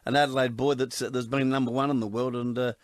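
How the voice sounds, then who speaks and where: An older Australian man co-hosting a sports radio show, talking warmly and stammering with emotion. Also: medium pitch, little pitch movement, fast, dry recording. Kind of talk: casual radio chat.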